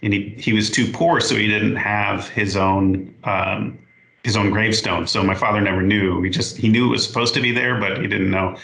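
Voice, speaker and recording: A man in his forties, a podcast guest, telling a story in a halting, unhurried way and stopping to correct himself. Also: fairly low pitch, steady tone, vocal fry, a bit bright, echoey room, low-quality recording. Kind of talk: casual storytelling.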